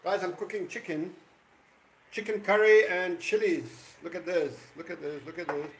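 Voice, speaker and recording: A man's voice: high-pitched, steady tone, moderate pace, fairly bright tone, reverberant, low-quality recording. A man hosting a casual live stream, rambling and greeting viewers by name. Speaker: livestream host.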